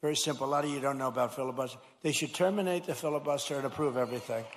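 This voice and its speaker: A man's voice: medium pitch, very fast, slight background noise. A man, a politician, giving a rambling, repetitive and emphatic rally speech from a podium mic in a large school hall. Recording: long hall reverb.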